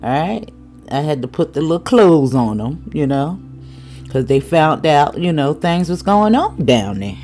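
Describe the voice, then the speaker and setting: A woman giving a casual tarot reading, chatty, with laughing asides and drawn-out exclamations. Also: deep voice, very animated, warm tone, faint music behind. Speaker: tarot reader.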